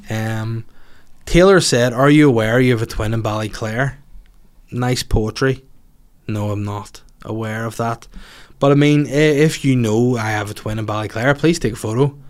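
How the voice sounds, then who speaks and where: A man, a comedian hosting his podcast, chatting casually and crudely through listener questions and swearing freely. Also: mid-range voice.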